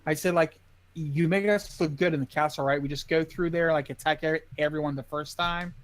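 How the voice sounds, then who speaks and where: A man's voice: fairly high pitch, steady tone, fairly quick. A man playing a tabletop role-playing game, chatting casually and stumbling over his words. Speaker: player.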